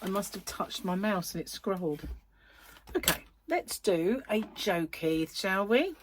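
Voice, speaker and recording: Chatty woman with lively pitch. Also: a little slow, noisy background. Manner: chatty, rambling, giggly. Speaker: crochet vlog host. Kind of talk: casual chat.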